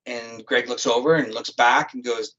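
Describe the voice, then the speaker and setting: A man's voice: medium pitch, steady tone, normal speed, fairly bright tone. A man, a guest on a talk show, telling a story in a blunt, profane, casual way. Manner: blunt and profane, vivid retelling. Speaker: guest, psychic criminal profiler. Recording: dull lo-fi stream audio.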